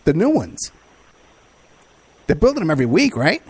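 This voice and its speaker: A man's voice: fairly high pitch, huge pitch swings, moderate pace, husky. A male host interviewing a guest, asking stacked follow-up questions.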